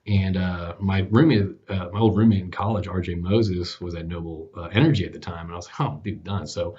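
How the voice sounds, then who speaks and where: His deep, warm voice keeps a steady tone at a brisk clip. A forties-aged podcast host appearing as a guest, he tells a career story in a casual interview, rambling with many fillers and acting out the dialogue, captured on dull lo-fi podcast audio.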